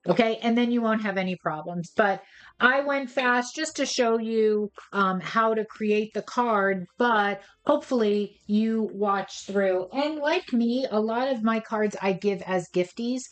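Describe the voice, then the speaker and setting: A woman's voice: a little high, a little slow. A woman hosting a craft tutorial, chatty and playful as she talks viewers through each step. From United States. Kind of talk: casual step-by-step craft demonstration.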